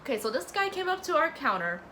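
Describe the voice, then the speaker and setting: Young woman, high bright voice, super expressive, kinda disbelieving, faint hiss. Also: fast talker. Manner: expressive, incredulous, laughs while telling. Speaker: cosmetics counter manager. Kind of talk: casual storytelling chat.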